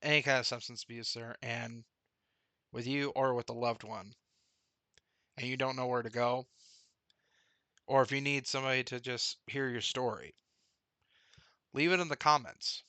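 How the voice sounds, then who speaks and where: Bright-voiced man in a candid vlog. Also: medium pitch, steady tone, moderate pace, pauses often, no echo. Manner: candid and rambling, recounting a dream. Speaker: vlogger. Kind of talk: personal video update.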